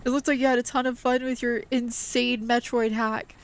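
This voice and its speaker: A woman streaming a video game, talking to her chat, excitable and swearing often. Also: on the high side, moderate pace, smooth. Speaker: VTuber streamer. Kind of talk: gaming livestream chat.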